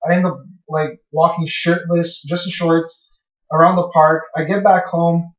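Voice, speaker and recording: A man's voice: fairly high pitch, fairly even intonation, unhurried. Young man rambling through a story in an echoey room. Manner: rambling, swears freely, acts out his own past lines. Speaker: podcast co-host. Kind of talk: casual storytelling. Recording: echoey room, far from mic, dull lo-fi.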